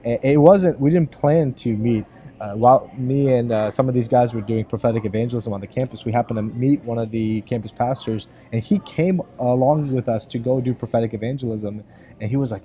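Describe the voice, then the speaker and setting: A man's voice: mid-range voice, a little fast, warm tone. A man giving a casual spoken ministry update and earnestly telling a story, quoting people in his own voice. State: choked up with emotion.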